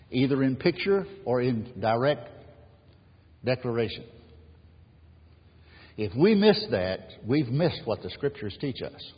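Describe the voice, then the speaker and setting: A man's voice: mid-range voice, slightly rough. A man preaching an earnest sermon as pastor, building emphasis on key phrases. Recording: dull lo-fi sound in a reverberant hall.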